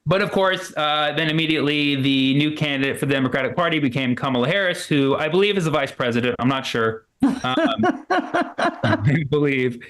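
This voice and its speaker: A man's voice: fairly high pitch, sing-song, a bit bright. Rambling man doing a stand-up set. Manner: rambling, filler-heavy, puts on quick voices for quoted people. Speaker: stand-up comedian. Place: small comedy club.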